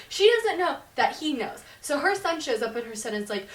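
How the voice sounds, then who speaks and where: A young woman with a somewhat high voice runs through a story in loose, profane chat, dropping into quick impressions of each character. She sits well back from the mic in a roomy, echoing space. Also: animated, a bit bright. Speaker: book reviewer. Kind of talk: casual plot recap. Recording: echoey room, mic at a distance.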